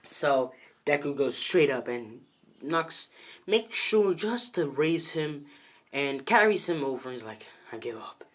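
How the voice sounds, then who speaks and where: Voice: medium pitch, lively intonation, slow, fairly bright tone. A narrator telling a fan what-if story off the cuff at home, rambling with many fillers and self-corrections. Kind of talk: casual improvised storytelling. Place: bedroom at home.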